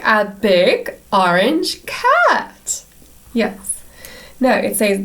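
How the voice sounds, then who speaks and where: A woman teacher reading a picture book aloud to young English learners, speaking slowly and clearly in a sing-song way, with many encouraging yeses. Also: high-pitched. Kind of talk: slow read-aloud storytime for young learners.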